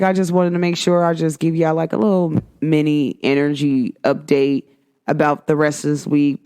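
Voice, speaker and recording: A woman's voice: low-pitched, mellow. A young woman hosting her own show, giving a casual, chatty spiritual energy read to her viewers, repeating herself for emphasis. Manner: chatty, repetitive, emphatic with frequent "like" and "guys". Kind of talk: casual spiritual vlog talk.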